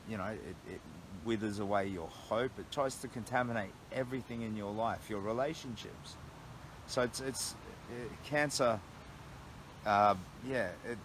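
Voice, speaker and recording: A man's voice: lowish voice, background noise. A middle-aged Australian man on a long walk, talking earnestly and thinking aloud to livestream followers from his camp at night. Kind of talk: casual reflective livestream talk. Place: camped outdoors at night in a storm. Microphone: phone livestream.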